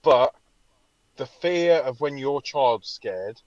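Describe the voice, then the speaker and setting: A man's voice: mid-range voice, slow, no room sound, highs cut off. Sweary man telling a story. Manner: animated storytelling, swears a lot. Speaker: podcast co-host. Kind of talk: casual chat.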